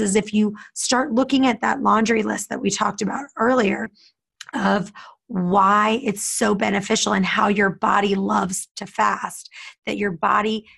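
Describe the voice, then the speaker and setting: A woman in casual conversation, speaking animatedly and acting out quoted people in a higher voice. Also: vocal fry, a bit bright, breathy edge. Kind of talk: casual chat.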